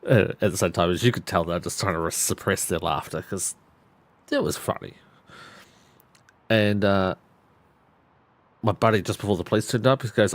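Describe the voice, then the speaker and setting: A man's voice: deep voice, moderate pace, pauses often, no echo. A man in his thirties chatting on a live stream, telling a story with lots of laughter and swearing. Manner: laughs a lot, swears freely, animated storyteller.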